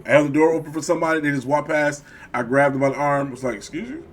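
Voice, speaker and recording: Animated man chatting on a podcast. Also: on the high side, quick pace, slight background noise. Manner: animated, profane, acts out quoted voices. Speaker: podcast co-host. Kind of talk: casual chat.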